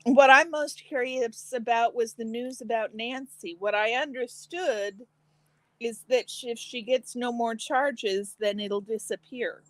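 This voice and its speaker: A woman hosting a relaxed live stream, chatting casually with viewers and answering their comments while eating. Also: fairly high pitch, unhurried, dry recording, poor audio. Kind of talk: casual chat reading comments.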